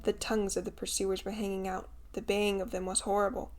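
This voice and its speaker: A woman narrates a classic children's tale in a measured, expressive reading voice. Her pitch sits in the middle range, and her delivery is steady. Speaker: audiobook narrator. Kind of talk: scripted storybook narration.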